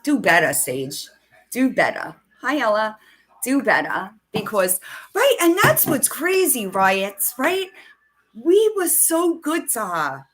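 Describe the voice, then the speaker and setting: Bright-voiced woman gossiping on a livestream. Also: on the high side, very animated, slow. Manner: chatty, swears, reads out messages while searching her phone. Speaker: livestream host. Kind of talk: casual livestream chat.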